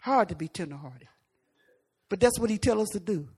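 A woman preacher delivers a sermon in a folksy, conversational way. She punches some words out loudly and then drops to hushed asides. Her voice sits at a middling pitch. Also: lively intonation, moderate pace, slightly rough.

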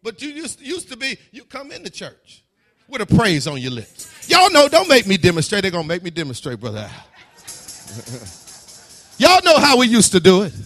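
A fervent male preacher in mid-sermon, his voice sitting high and ringing bright. His pitch leaps and dips all over the place, and he climbs into shouts with stammered repeats and chuckling asides. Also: wildly swooping pitch, normal speed, faint music behind.

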